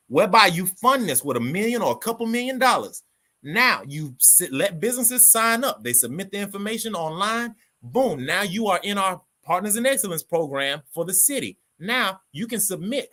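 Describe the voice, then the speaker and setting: Male livestream host, bright forceful voice, passionate ranter, talks back to chat. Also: a little high. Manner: passionate ranting, repeats himself, calls listeners dog. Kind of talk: live-stream commentary reading chat.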